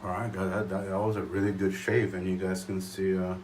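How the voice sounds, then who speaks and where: Low-voiced man chatting on a shaving vlog. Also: level tone, a little mellow, a little hiss or hum. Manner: rambling, halting, many fillers and restarts. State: a little choked up. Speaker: shaving vlogger. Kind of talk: casual chat to camera. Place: indoor room at home.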